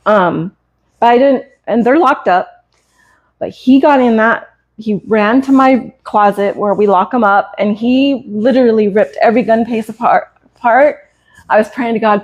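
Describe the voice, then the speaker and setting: Halting, emotional American woman. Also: on the high side. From United States. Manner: halting and earnest, with many hesitations. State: emotional, close to tears. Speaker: cat breeder and influencer. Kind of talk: live stream telling a personal story.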